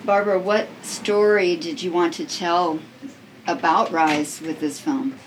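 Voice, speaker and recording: A woman interviewer asks questions with open enthusiasm. Her voice is slightly low, and faint ambient noise sits behind her. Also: steady tone, a little slow, low-quality recording.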